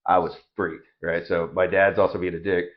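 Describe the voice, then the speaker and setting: A man's voice: sits low, flat delivery, normal speed. A man, a podcast guest, telling rambling, profane stories in a laid-back casual way. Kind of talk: casual storytelling. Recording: dull lo-fi sound.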